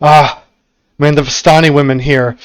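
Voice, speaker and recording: A man's voice: fairly high pitch, little pitch movement, normal speed, no echo, natural voice. A man voicing a cheerful, half-dressed young man on the run, breezy and wheedling as he asks for help.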